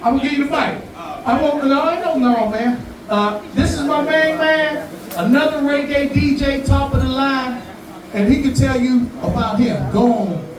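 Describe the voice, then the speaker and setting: A high-pitched man addresses a crowd in a very echoey room, swearing freely and joking as he talks. He sits far from the microphone, with steady noise behind him. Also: normal speed. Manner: profane, animated, joking. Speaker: event host. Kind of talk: casual speech to a live crowd.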